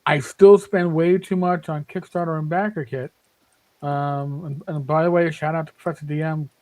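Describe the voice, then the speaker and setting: A man's voice: on the high side, fairly even intonation, moderate pace, darkish tone, low-quality recording. A man in his fifties chatting on a panel podcast, emphatic and rambling, with many restarts. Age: 50s. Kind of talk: casual panel chat.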